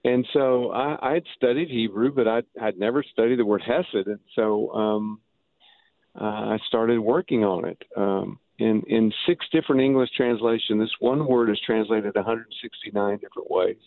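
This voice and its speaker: A man, an author and Bible scholar, explaining things as an interview guest, halting, with many restarts and fillers. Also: on the low side, steady tone, no echo. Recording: dry tinny phone line.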